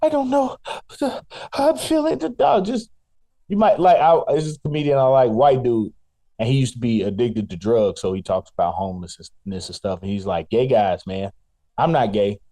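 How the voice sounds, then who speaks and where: A young man co-hosting a casual podcast, playful and quick to laugh. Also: mid-range voice, warm tone. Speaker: podcast co-host.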